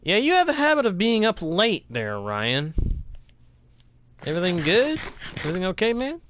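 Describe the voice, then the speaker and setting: A man's voice: high voice, wildly swooping pitch, normal speed, a bit bright. A man streaming a video game, chatting casually and greeting viewers from chat in a friendly way. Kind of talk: live gameplay commentary with chat greetings.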